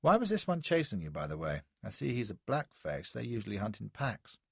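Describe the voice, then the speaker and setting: Guy doing a jolly teasing adventurer, forties, husky and gravelly, all bouncy. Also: on the low side, wildly swooping pitch, a bit bright, dry recording, full character voice. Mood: jovial. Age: 40s. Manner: cheery, teasing, brisk. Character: hearty, grinning middle-aged English adventurer man.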